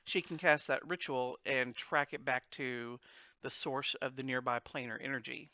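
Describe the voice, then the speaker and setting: A man's voice: medium pitch, fairly even intonation, moderate pace, sharp tone, no echo, highs cut off. A man narrating as the game master of a tabletop game, with a casual manner, laughing often.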